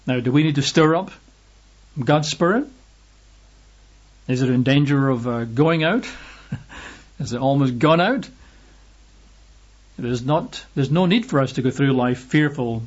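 A man's voice: medium pitch, lively intonation, measured pace, long pauses, highs cut off. A man preaching a sermon and reading Bible verses aloud, stressing his points by repeating phrases.

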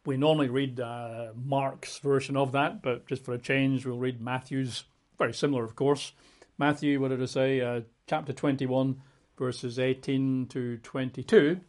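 A man's voice: mid-range voice, fairly even intonation, moderate pace, a little mellow. A man preaching a Bible-teaching sermon in a conversational way, leaning hard on key words. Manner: conversational, emphatic on key words, plays out quotes.

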